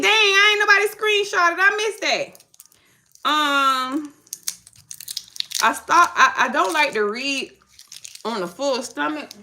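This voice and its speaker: Bright-voiced chatty woman tarot reader. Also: sits high, poor audio. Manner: casual and chatty, talks straight to viewers, repeats herself while checking names. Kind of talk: live-stream tarot reading.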